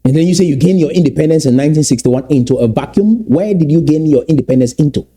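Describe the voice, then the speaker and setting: A man giving impassioned political commentary, emphatic and repeating key points slowly for weight. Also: a little high, mellow.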